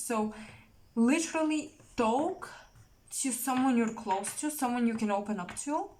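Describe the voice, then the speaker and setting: Chatty higher-voiced woman reading tarot. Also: a little mellow, slight background noise. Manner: chatty, rambling, giggly, with many fillers and self-corrections. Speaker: tarot reader.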